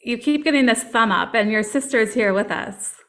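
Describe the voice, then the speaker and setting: A woman's voice: a little high, normal speed, fairly bright tone. A woman hosting a podcast, earnest and encouraging, asking questions with many "like" fillers. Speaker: podcast host, coach. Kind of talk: casual podcast conversation.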